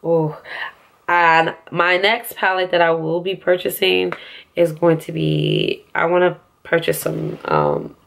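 A young woman vlogging a makeup haul, excitable and gushing, talking straight to her viewers. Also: sits low, vocal fry, a little hiss or hum. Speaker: beauty vlogger and store employee. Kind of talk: casual haul vlog.

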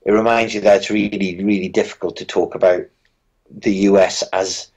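Low-voiced British man telling wry stories. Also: fairly even intonation, normal speed, darkish tone, rough recording. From Britain. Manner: dry, wry storytelling with frequent restarts. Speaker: musician guest. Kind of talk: casual interview chat.

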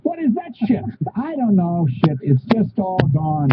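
A man's voice: high-pitched, very animated, unhurried, music in the background. Swearing man fumbling a promo script. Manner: swears constantly, exasperated, loses his lines. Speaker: presenter of a promotional video. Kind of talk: blown takes from a product video shoot. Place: on a hot video set with flies around. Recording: dull lo-fi old video with loud hiss.

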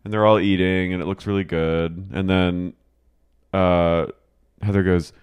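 A man's voice: low voice, a little slow, clear, resonant tone. A man co-hosting a podcast, casually retelling a reality-show episode and acting out the quotes. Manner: animated storyteller, acts out quoted voices. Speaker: podcast co-host. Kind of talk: casual recap chat.

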